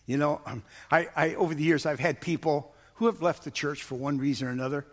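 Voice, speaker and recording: A man's voice: fairly high pitch, lively intonation, fairly quick, a bit bright. A man preaching a sermon in a folksy, storytelling way, often repeating words and building up to emphatic outbursts. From Missouri. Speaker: pastor.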